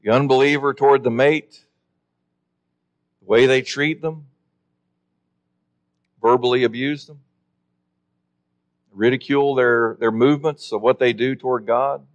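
A man preaching a sermon in an earnest, emphatic way, slowing down to stress key words. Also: medium pitch, fairly even intonation.

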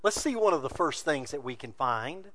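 A man preaching a sermon from scripture, building to loud emphatic peaks and dropping to quiet asides. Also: on the high side, very animated, normal speed. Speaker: pastor.

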